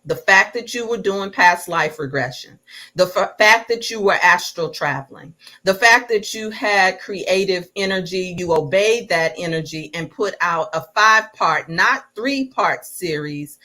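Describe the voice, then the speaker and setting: Female host, unhurried lowish voice, speaks to the chat. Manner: warm encouraging, addresses viewers directly. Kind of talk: hosting a livestreamed interview.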